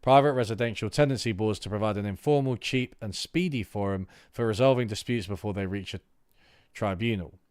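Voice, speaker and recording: A low-pitched man streams himself reading a political manifesto aloud. He breaks off into casual, halting asides full of fillers. His voice sounds close and dry, with no room sound. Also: a little mellow, smooth, dry recording. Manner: reads text aloud, then breaks off into loose asides with fillers. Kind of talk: livestream reading aloud with commentary.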